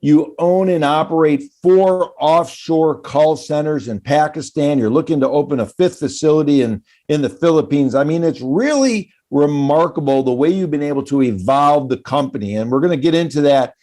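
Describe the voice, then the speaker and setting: A man's voice: a little high, normal speed, few pauses, mellow. A man hosting a business interview, upbeat and steering his guest with prompting questions. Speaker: interview host.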